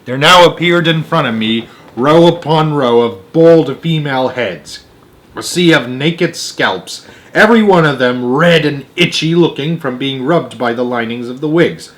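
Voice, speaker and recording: A young man reads a children's book aloud in a middle-pitched voice. He is expressive and lively about it and stumbles now and then, catching himself with quick restarts. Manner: expressive, with small slips and restarts. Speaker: storyteller.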